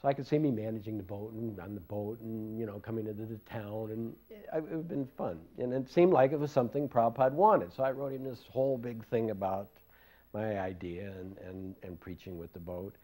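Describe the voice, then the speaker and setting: A man's voice: lowish voice, a little fast, dark tone. An older man casually recalling his past in an interview, rambling and self-deprecating, laughing often. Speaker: devotee recalling memories.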